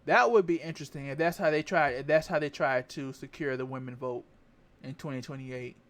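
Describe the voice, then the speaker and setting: A man's voice: medium pitch, a little fast, fairly bright tone. A man giving candid political commentary to camera, rambling, repeating phrases and stopping to check his facts. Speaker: vlogger.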